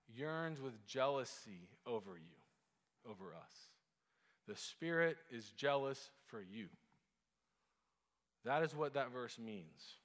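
A man's voice: medium pitch, a bit bright. A male pastor preaching a sermon in a conversational, emphatic way, with frequent "like" and restarts. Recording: long hall reverb.

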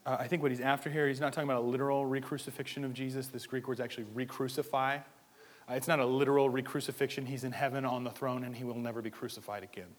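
A man preaching a sermon as pastor, talking conversationally and moving from quiet asides to loud pleading. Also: mid-range voice, little pitch movement, fast.

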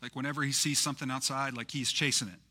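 A male pastor preaching a sermon in a casual, conversational way, full of fillers, that swells into loud, impassioned peaks. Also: mid-range voice, fairly even intonation, quick pace.

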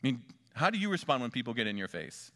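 A male pastor delivering a sermon with a very animated, rising and falling voice. He hammers home rhetorical questions and drops to a near hush to stretch out key words. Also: medium pitch. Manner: emphatic, asks the congregation repeated rhetorical questions; swings between loud stress and hushed, drawn-out words.

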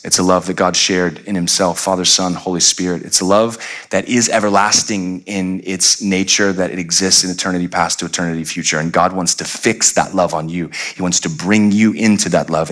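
A man preaching a sermon, moving from animated rhetorical questions to hushed, slow scripture reading. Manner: expressive preaching, swinging from loud animated peaks to quiet low passages; conversational asides and rhetorical questions. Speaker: pastor.

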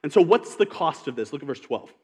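A man's voice: on the high side, very animated, brisk, slightly rough, big-room sound. A man preaching a sermon in an earnest, emphatic way, reading scripture aloud and explaining it. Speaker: pastor.

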